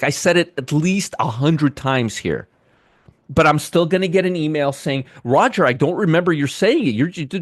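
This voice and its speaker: A man's voice: medium pitch, no echo, clean studio sound. A man hosting a casual live market commentary, sarcastic and repetitive, answering chat viewers by name. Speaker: trading show host.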